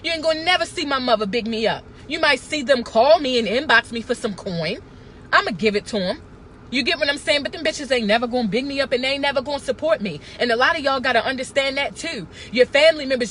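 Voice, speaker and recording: A woman's voice: sits high, a bit bright, a little hiss or hum. A woman, talking to camera in a blunt, profane, emphatic casual rant. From Baltimore. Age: 30s. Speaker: vlogger.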